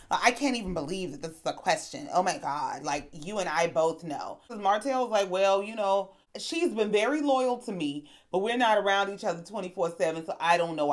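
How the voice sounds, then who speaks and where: This medium-pitched woman hosts a laid-back reality TV recap, giving casual commentary. Her storytelling is animated and full of sass, and she performs the quotes herself.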